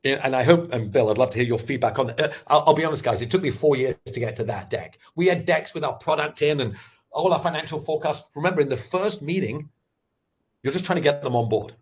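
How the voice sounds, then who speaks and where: Animated husky-voiced middle-aged man. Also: on the high side, fast talker. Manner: animated, candid storytelling with frequent restarts. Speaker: sales expert and former startup founder. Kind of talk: webinar talk.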